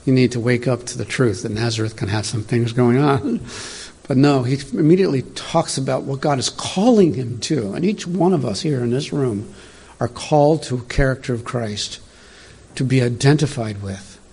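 Husky man preaching a chatty sermon. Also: mid-range voice, moderate pace, darkish tone. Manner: chatty, digressive, laughs at own asides. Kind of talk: informal sermon. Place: church room with congregation.

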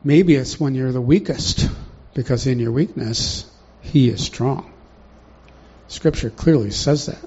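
A man's voice: medium pitch, a little slow, a little mellow, breathy edge. A man preaching a sermon in a conversational way, often putting questions to the congregation, in a dull lo-fi recording.

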